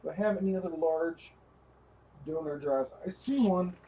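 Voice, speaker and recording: A man's voice: fairly high pitch, normal speed, warm tone, slight background noise. A man hosting a livestream while rebuilding a computer, chatting casually, talking to his parts and his dog. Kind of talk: casual live tech narration.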